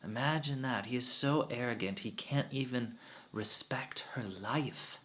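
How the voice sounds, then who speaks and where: Animated male storyteller, bright tone. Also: mid-range voice, a little slow. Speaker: spiritual teacher, monk. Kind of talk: storytelling talk at a satsang.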